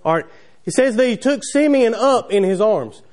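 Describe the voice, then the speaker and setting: A man's voice: sits high, animated, moderate pace, a little mellow. A man preaching a sermon in a church, telling the story in a folksy way full of wondering questions. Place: church sanctuary.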